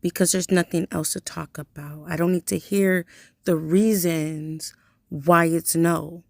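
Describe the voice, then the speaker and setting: Gravelly, profane woman in her late twenties. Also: fairly low pitch, fairly even intonation, measured pace, a little mellow, no echo. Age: late 20s. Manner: heated, profane, talks straight at the listener. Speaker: vlogger. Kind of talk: angry direct-to-camera rant.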